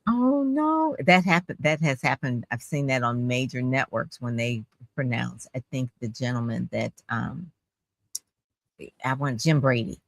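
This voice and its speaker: A woman hosting an interview, asking long, rambling questions and chatting in an animated way. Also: rumbling low, moderate pace, gravelly, dry recording. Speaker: interview host. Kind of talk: interview conversation.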